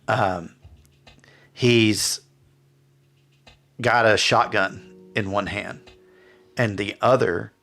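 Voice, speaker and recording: A man's voice: fairly low pitch, a bit bright. A man narrating as game master of a tabletop game, in a loose, rambling way with many fillers.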